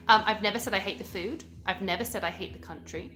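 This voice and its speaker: A woman's voice: medium pitch, a little fast, a bit bright. A young British woman from England hosting a casual live stream, chatting and answering viewer comments as she reads them aloud. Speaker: livestream host.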